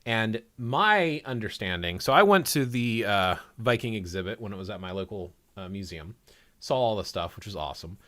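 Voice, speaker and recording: A man's voice: on the low side, lively intonation, moderate pace, a bit bright. A man hosting a livestream discussion, talking in an opinionated, conversational way and teasing his guest. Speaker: livestream host.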